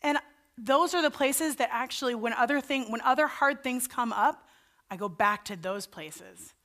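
A woman pastor delivers a sermon in a plain, conversational way. Her voice sits a little high for a woman. It climbs and grows louder whenever she voices a plea or a doubt. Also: normal speed. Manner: earnest and conversational, voice rising for quoted pleas to God.

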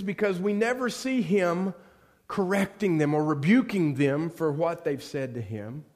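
A man giving a sermon as pastor, telling a story and swinging from hushed, quiet moments to loud, fervent passages. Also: sits high.

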